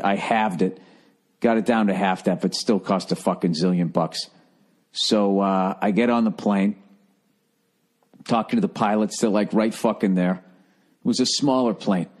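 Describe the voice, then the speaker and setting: A man's voice: fairly low pitch, a little mellow. A man hosting a podcast, telling a rambling story in a profane, wry, self-mocking way. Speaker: podcast host. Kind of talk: casual rambling monologue.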